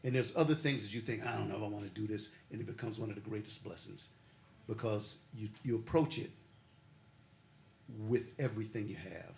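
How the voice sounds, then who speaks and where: A man's voice: lowish voice, brisk, gravelly, a little mellow. An older man giving a heartfelt, emotional acceptance speech at an awards ceremony. He talks with laughter and builds his points through repeated, preacherly phrases. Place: ceremony hall. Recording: echoey hall with faint noise.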